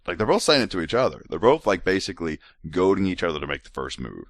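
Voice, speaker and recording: A man's voice: low-pitched, fast, hardly any pauses, no room sound, studio quality. A tipsy man hosting a podcast, joking wryly through scripture commentary. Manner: joking, wry, animated asides. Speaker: podcast host.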